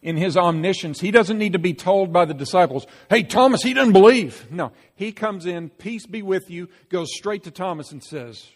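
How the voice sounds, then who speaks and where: A man preaching a sermon as pastor, emphatic and animated, acting out quoted lines. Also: sits high, normal speed, few pauses. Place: church sanctuary. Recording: long reverb of a church hall.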